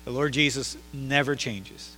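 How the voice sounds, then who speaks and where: A male pastor preaching a sermon, emphatic and repetitive, swinging between loud declarations and hushed lines in a church sanctuary. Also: medium pitch, a little slow. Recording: long hall reverb.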